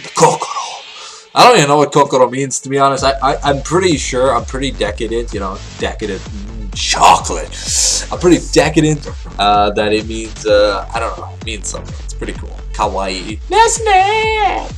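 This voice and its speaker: A man's voice: medium pitch, brisk, fairly bright tone, faint music behind. A young man hosting a casual anime review vlog, rambling with crude jokes and lots of filler words. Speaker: vlogger ranking anime.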